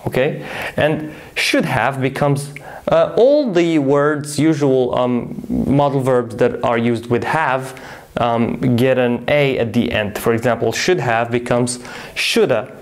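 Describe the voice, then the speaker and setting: A man giving an online English lesson, repeating example phrases slowly and carefully and now and then correcting himself. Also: mid-range voice. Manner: corrects himself mid-sentence. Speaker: English teacher.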